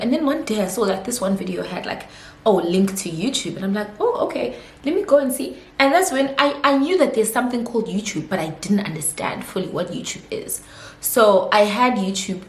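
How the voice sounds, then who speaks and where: Twenties South African woman, chatty vlogger, mid-range voice, recorded in a reverberant room. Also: mid-range voice. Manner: chatty, giggly, lots of fillers. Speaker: YouTuber. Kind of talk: casual Q&A vlog. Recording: echoey room.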